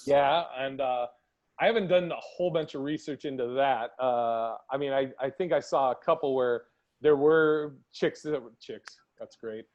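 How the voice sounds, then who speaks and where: A man's voice: mid-range voice, moderate pace, dull audio. A man hosting a podcast, chatting casually and acting out quoted conversations as he tells stories. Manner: animated storytelling, acts out quotes. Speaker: podcast host.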